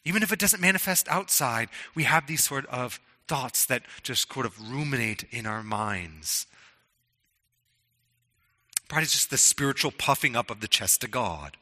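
A man's voice: mid-range voice, expressive, normal speed, pushed and bright, in a large hall. A man preaching a sermon in an earnest, conversational way, often restarting his words. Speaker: pastor.

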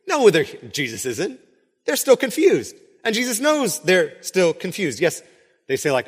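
A man's voice: a little high, big pitch swings, moderate pace. Guy preaching casually, lots of rhetorical questions, big reverby hall sound. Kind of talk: conversational sermon.

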